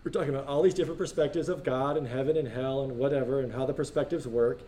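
A man teaching a classroom discussion, animated and joking, often laughing as he talks. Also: medium pitch, fast talker, slight background noise. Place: school classroom.

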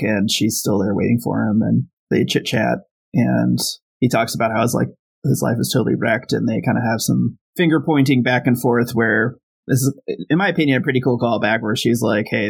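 Gravelly-voiced man recapping comics. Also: fairly low pitch, low-quality recording. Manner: recaps plot with many fillers and quoted paraphrase. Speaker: podcast co-host. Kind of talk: casual comic book discussion.

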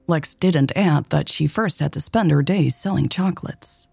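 A woman hosting a romance podcast and reading a story in a calm, measured way. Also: low-pitched, creaky, slightly rough, no echo. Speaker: podcast host and narrator. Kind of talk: audiobook story narration.

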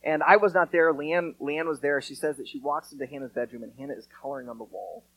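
A man preaching a sermon in a casual, conversational way, acting out quotes with lively storytelling. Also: fairly high pitch, fast talker, no echo, poor audio. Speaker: pastor.

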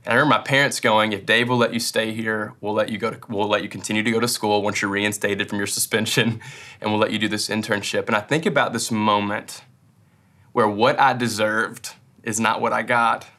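A young man preaching a sermon to his congregation, telling personal stories in a relaxed, self-deprecating way. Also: lowish voice, a little fast. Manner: conversational, self-deprecating storytelling with laughs. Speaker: pastor.

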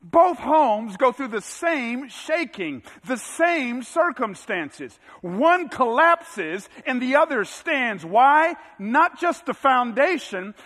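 A man preaching a sermon in a bright, high tenor that cuts through the room. He climbs steadily toward forceful, emphatic peaks. His voice carries a long hall reverb around it. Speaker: pastor.

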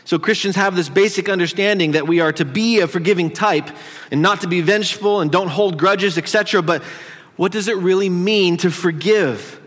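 A man's voice: high-pitched, normal speed, fairly bright tone, slightly rough, in a large hall. A male pastor preaching a conversational sermon in a church, teasing his congregation as he teaches. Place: church sanctuary.

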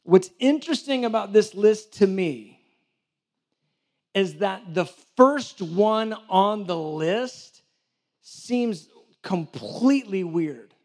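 A man's voice: sits high, lively intonation, takes it slowly, darkish tone. A man preaching a sermon in a conversational way, acting out little back-and-forth dialogues and often restarting his sentences. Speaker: church director preaching.

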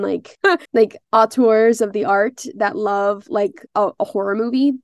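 A woman's voice: mid-range voice, creaky, no echo, studio quality. A young adult woman, a playwright and performer, telling chatty anecdotes in a casual interview, full of fillers and restarts.

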